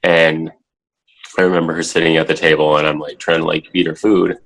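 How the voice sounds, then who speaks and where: A man in his thirties, a podcast guest talking casually from a child's room at home, halting and full of filler words, turning animated when he acts out his own past words. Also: a bass voice, vocal fry, low-quality recording. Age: 30s. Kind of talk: casual interview talk.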